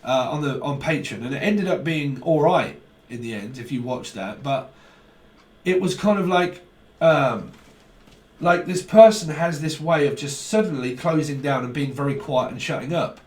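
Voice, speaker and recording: A man talks through a tarot reading in a loose, rambling way, swearing and dropping slang as he goes. His voice sits a little high for a man. The sound is roomy, picked up from a mic set some distance away. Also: expressive, normal speed. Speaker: tarot reader. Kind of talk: casual tarot reading monologue.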